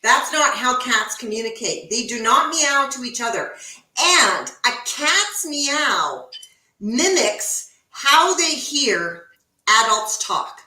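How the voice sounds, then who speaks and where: A woman's voice: on the high side, sing-song, pushed and bright, roomy sound, poor audio. A woman co-hosting a home cooking show, chatting casually and telling stories while she cooks. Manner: slow, storytelling, explains recipe steps. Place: home kitchen.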